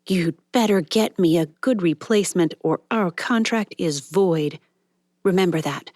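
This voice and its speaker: A woman's voice: on the low side, a little mellow, no room sound, clean studio sound. Woman doing a bored glamorous actress. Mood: contemptuous. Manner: slow, utterly bored drawl.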